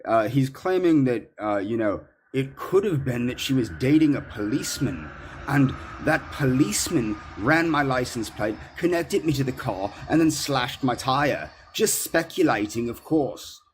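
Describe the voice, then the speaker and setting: A man in a ranting monologue, accusatory and indignant, halting with fillers. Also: medium pitch, expressive, slight background noise. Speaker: commentary subject in clips.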